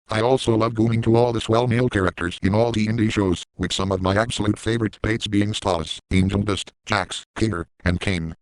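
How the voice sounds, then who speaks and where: A man voicing a crude, boastful middle-aged cartoon dad in a parody comedy video, speaking in a deadpan way. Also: fairly low pitch, no room sound, lightly acted, rough recording. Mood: hyped. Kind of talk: parody voice acting.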